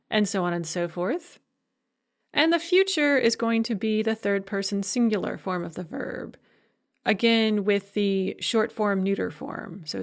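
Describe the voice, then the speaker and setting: A woman's voice: medium pitch, a little slow. A woman university lecturer explaining grammar in a recorded lecture, reading example sentences aloud and then translating them.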